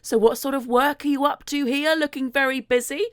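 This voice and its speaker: A woman's voice: sits high, steady tone, brisk, fairly bright tone, no room sound, clean studio sound, pitched above the performer's own voice. Woman voicing a fussy, dismissive priest. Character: fussy male priest on horseback.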